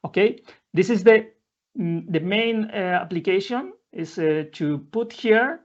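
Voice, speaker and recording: A man presenting a live software demo in non-native English, halting often with fillers and restarting his sentences. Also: high voice. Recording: dull lo-fi audio.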